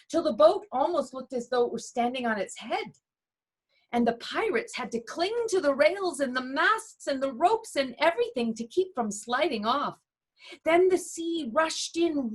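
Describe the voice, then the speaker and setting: A woman reading a children's story aloud as a storyteller, in an expressive, dramatic way. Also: high-pitched, breathy edge.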